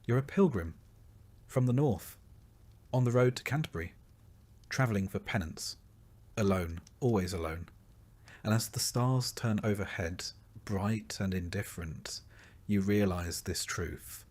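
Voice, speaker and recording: A man calmly narrating a soothing bedtime history story in the second person. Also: fairly low pitch. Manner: soft, soothing and unhurried.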